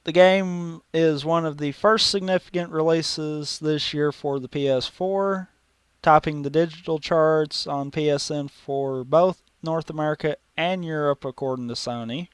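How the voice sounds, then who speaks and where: Man, casual gaming news co-host, dry and impatient, smooth voice, close dead-dry mic. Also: on the high side, measured pace, dry recording. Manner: dry, impatient, stumbles over reading. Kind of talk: casual banter reading news articles.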